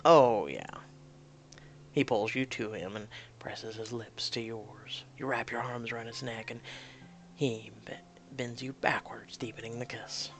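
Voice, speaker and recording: A man reading a romance story game aloud in a soft, hushed narration, breaking off for dry, mocking asides. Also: medium pitch, little pitch movement, measured pace, a little hiss or hum.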